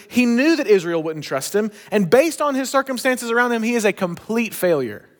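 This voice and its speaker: A pastor preaching a sermon, telling a story with emphatic, shifting pace. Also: male voice, sits high, a bit bright.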